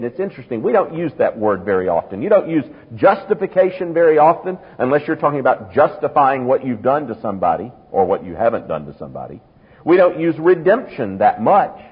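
A man's voice: medium pitch, husky. A man preaching a sermon, emphatic, drawing out key words and speeding through asides. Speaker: pastor. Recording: muffled sound with long hall reverb.

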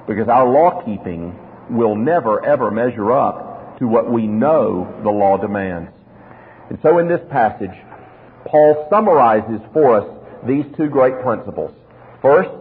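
A male pastor preaching an expository sermon, asking rhetorical questions and acting out little dialogues. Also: medium pitch. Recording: tinny lo-fi sermon recording in a reverberant hall.

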